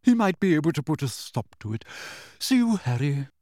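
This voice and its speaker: A man's voice: on the high side, sing-song, moderate pace, a little mellow, no room sound, clean studio sound. A man voicing a bored, genteel male ghost from an audiobook story, speaking in a polite, languid and weary way.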